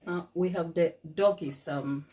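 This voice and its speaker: Woman host of a live baking tutorial: low-pitched, self-mocking, laughing easily while she works. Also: a little slow, warm tone. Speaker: cake decorating tutor.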